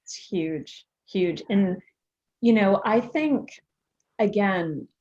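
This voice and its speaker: A woman's voice: medium pitch, extremely slow, dark tone, muffled recording. A woman guest who works as a coach, talking candidly and openly about her own parenting. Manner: candid and open, laughing easily. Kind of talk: casual interview chat.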